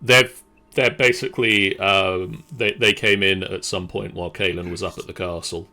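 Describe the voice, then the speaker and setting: A man narrating as game master in a tabletop game, slow and hesitant with many pauses. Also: low-pitched, fairly even intonation, pushed and bright.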